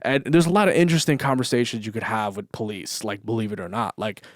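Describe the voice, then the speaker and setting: A man's voice: fairly low pitch, lively intonation, fast talker, dry recording, clean studio sound. A man telling a story in a loose, rambling podcast monologue, swearing often and full of fillers. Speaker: podcast host. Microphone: camera mic.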